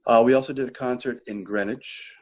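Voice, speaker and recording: A man's voice: medium pitch, steady tone, fairly quick, rough recording. An older man, a retired choral director, telling long rambling anecdotes in an interview, correcting himself as he goes. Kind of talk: relaxed interview storytelling.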